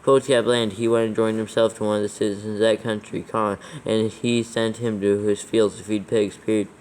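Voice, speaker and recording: A man's voice: fairly low pitch, level tone, fairly quick, a little mellow, poor audio. A man dictating scripture aloud for proofreading, steadily reading the text and naming every comma, capital and quote mark.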